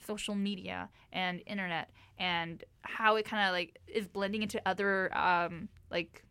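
A woman's voice: mid-range voice, steady tone, measured pace, gravelly, sharp tone, smooth, no echo. A young woman co-hosting a radio talk show, chatting easily with plenty of fillers. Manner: easygoing, lots of fillers, brief agreeing interjections. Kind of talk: casual discussion.

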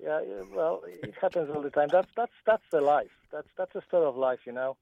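A man's voice: fairly high pitch, a little fast, vocal fry, darkish tone, no echo. A man calling in to a radio show from his car, rambling and repeating himself. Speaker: caller. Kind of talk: casual phone-in chat. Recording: tinny phone line.

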